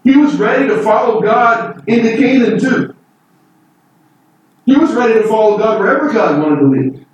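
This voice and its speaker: Emphatic preacher in an echoey room. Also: male voice, lively intonation, normal speed, muffled recording. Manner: earnest, emphatic, rising pitch on key points. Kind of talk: sermon. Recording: echoey room from far off with faint noise.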